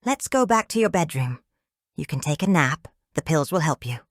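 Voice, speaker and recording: A firm, protective young woman, voiced by the narrator. She talks raised and brisk, with a dry close sound. An audiobook character taking charge. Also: low voice, animated, no room sound. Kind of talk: audiobook dialogue.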